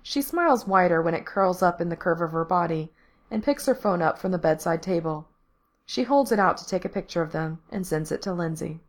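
A woman narrating a story aloud, reading in a steady, even way. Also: on the low side, a little fast.

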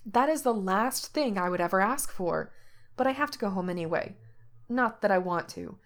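A steady, gentle young man who chooses his words with care and keeps his tone soothing, read by a woman without changing her voice. The pitch stays in a plain middle range. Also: natural voice. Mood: firm. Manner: measured, soothing.

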